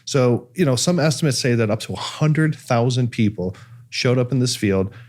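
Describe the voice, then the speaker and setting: A man's voice: medium pitch, animated, normal speed, darkish tone. A man from Cleveland hosting a casual talk show, telling a story with lots of fillers and restarts. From Cleveland, USA. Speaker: podcast host. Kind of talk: casual chat.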